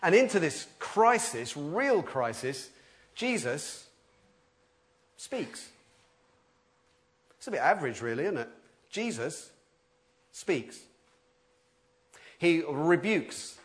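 A middle-aged man preaching a sermon, animated and conversational, breaking into loud acted-out voices. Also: fairly high pitch, takes it slowly, long pauses. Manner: animated, acts out quoted voices with sudden loud outbursts.

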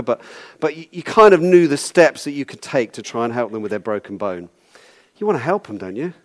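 Wry, conversational preacher. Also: male voice, medium pitch. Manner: conversational, wry, repeats words. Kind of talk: sermon.

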